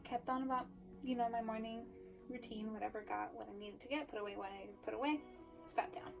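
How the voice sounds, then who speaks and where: A woman giving a personal storytelling speech, emotional, swinging between loud emphasis and hushed asides. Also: on the high side, steady tone, fast talker, creaky, over music. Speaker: speaker.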